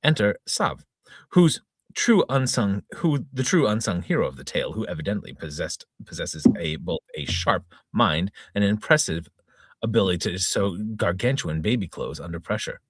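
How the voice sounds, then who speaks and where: This host is a man in his 40s or 50s whose deep, husky voice has lively intonation and a moderate pace. On his casual reading podcast he reads a comical news-type story in a mock-dramatic anchor voice, tripping over words and starting again.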